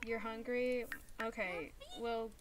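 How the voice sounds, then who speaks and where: Exasperated high-voiced woman streamer. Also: slow pace, very noisy. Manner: exasperated, scolding game characters. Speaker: gaming streamer. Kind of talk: casual gameplay commentary.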